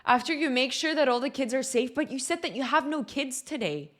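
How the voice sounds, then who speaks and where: A woman's voice: high voice, brisk, a bit bright. A young woman streamer giving casual reaction commentary, rambling and filling her talk with "like". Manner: rambling, heavy use of filler "like".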